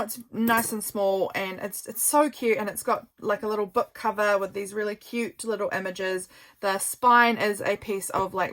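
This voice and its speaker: A woman, a journal maker, chatting casually while showing her work, gushing and a little tired. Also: mid-range voice. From New Zealand. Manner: chatty, gushing, softly rambling. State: tired, yawning. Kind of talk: casual craft show-and-tell.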